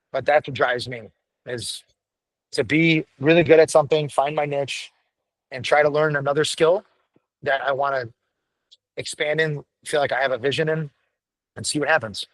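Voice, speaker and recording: A middle-aged man with a gruff voice, pitched a little high, talks bluntly and profanely in an animated, casual chat. He sounds close and dry, with no room around him. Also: brisk, long pauses, dry recording, poor audio. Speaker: podcast guest, firefighter paramedic.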